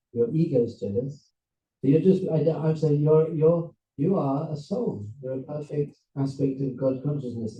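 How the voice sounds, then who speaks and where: A man, a rabbi, giving an animated storytelling talk to a seminar audience, acting out characters as he goes. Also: medium pitch, roomy sound, distant mic, muffled recording. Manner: animated, acts out characters with voices and laughs. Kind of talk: lively storytelling lecture.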